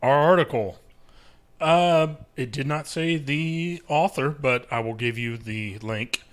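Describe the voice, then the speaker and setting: A man's voice: mid-range voice, takes it slowly, smooth. A man hosting a podcast, rambling in casual crude banter and joking around. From United States. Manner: rambling, crude joking, breaks into mocking put-on voices. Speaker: podcast host.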